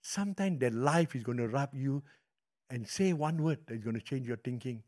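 A middle-aged man with a Malaysian English accent, preaching a sermon with animated storytelling that swings from loud to hushed. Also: medium pitch, moderate pace. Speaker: pastor.

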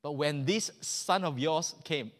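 A man's voice: fairly high pitch, slow, a bit bright, big-room sound. A man voicing a resentful older son in a sermon retelling, complaining to his father in an exasperated, accusing way. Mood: indignant. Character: indignant, resentful hard-working older son, young man.

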